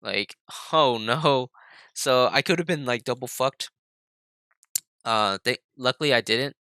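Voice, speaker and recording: A man's voice: medium pitch, measured pace, sharp tone, clear, resonant tone, no room sound. A young man co-hosting a podcast, telling a story in a rambling, profane way with many fillers. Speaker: podcast co-host. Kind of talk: casual storytelling chat.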